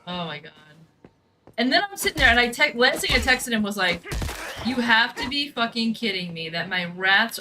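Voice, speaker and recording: A woman's voice: medium pitch, lively intonation, brisk, pushed and bright, slight background noise. A woman streamer chatting casually while she plays a game, telling stories and acting out the lines of people in them, with some swearing. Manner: chatty storyteller, acts out quoted lines. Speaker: gaming streamer.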